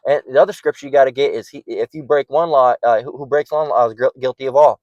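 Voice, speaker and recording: A man's voice: mid-range voice, quick pace, few pauses, darkish tone, no room sound, highs cut off. A man giving informal, emphatic scripture teaching near a parking lot, bluntly mocking his critics and often asking "all right?". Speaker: bible teacher.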